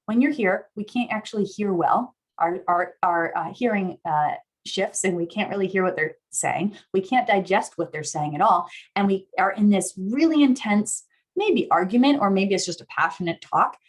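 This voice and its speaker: A woman's voice: animated, normal speed. A young adult woman giving a casual teaching talk on somatic therapy, acting out inner voices as she explains. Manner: casual, uses "like" a lot, acts out inner voices with big swings in pitch and loudness. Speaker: guest speaker on somatic therapy. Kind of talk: teaching talk with acted examples.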